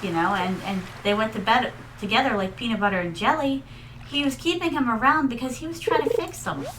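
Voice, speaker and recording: A woman's voice: fairly high pitch, pushed and bright, slight background noise, low-quality recording. A woman Vtuber streamer chatting casually and rambling through stories while playing, calling her viewers her darlings. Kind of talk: casual gaming livestream chat.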